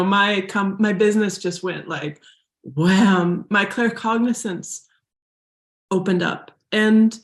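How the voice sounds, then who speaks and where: Earnest American woman in a roomy echo. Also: medium pitch. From United States. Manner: earnest, laughing, near tears at times. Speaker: guest, spiritual teacher and healer. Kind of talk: emotional personal story in an interview.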